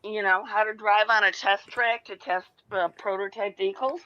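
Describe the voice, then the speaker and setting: A woman's voice: mid-range voice, steady tone, moderate pace. Rambling Michigan woman on a muffled line. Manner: rambling, jokey, swearing. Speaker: panelist. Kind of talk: casual chat. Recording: muffled lo-fi audio.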